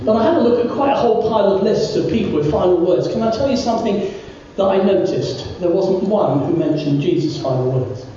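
Mellow-voiced preacher, repeats words, slows way down to stress stuff, faint hiss behind. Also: mid-range voice, animated. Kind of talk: sermon. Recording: very echoey, distant, dull church recording.

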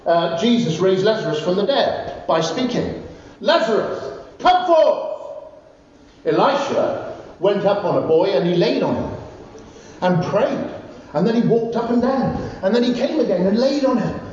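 A man preaching a sermon, telling Bible stories with animated, rising exclamations. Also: high-pitched, moderate pace. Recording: distant, roomy, dull recording with faint noise.

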